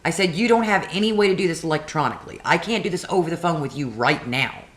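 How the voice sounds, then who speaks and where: A woman's voice: low-pitched, quick pace, roomy sound. A woman telling a story about a phone call to the camera, acting out both sides and getting more and more worked up, laughing now and then. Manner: animated retelling with quoted dialogue and rising frustration; laughs between phrases. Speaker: video blogger. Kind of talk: casual storytelling.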